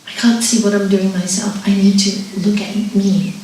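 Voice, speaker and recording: A middle-aged woman, a yoga and spiritual teacher, answering audience questions with lively, laughing talk and repeating her key advice. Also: medium pitch, moderate pace, a little hiss or hum. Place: hall. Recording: echoey hall, voice from far off, faint ambience.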